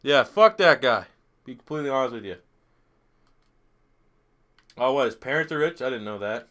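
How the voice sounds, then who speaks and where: A man's voice: medium pitch, lively intonation, normal speed, fairly bright tone. A young man streaming a football video game, reading chat questions aloud and answering in a crude, profane, blunt way. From Canada. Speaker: gaming streamer. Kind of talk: live gameplay commentary reading chat.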